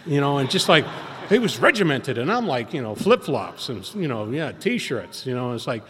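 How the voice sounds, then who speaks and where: A man's voice: mid-range voice, sing-song, normal speed, a bit bright. A middle-aged man telling his own story at a meeting, rambling and acting out what others said. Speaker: speaker at a recovery meeting. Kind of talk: personal testimony at a meeting. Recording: long reverb of a hall.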